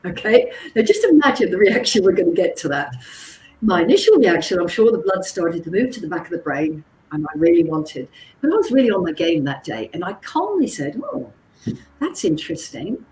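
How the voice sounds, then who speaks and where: A woman and psychologist giving an animated workshop talk, checking in with her listeners and acting out conversations. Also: on the low side, brisk, distant mic. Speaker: psychologist and communications trainer. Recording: roomy echo with faint background noise.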